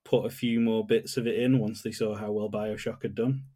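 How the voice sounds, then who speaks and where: Low-voiced man in easygoing podcast chat. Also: little pitch movement, normal speed, mellow, slightly rough. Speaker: podcast co-host. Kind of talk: casual gaming podcast chat.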